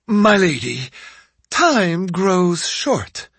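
A man's voice: high-pitched, sing-song, extremely slow, a bit bright, breathy edge, no room sound, voice pushed up, heavily acted. A man voicing a formal, dutiful retainer. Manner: formal, polite, urging. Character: loyal male retainer, formal and respectful. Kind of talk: audiobook character voice.

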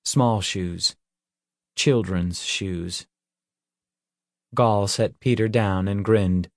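A man narrating an audiobook in measured, even storytelling. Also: fairly low pitch, no echo, clean studio sound.

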